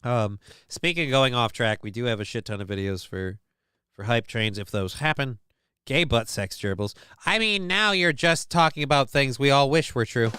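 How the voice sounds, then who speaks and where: A man's voice: medium pitch, animated, normal speed, pushed and bright, clear, resonant tone, dry recording, clean studio sound. A man hosting a livestream, chatting casually, cracking crude jokes and reading chat aloud. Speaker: livestream host.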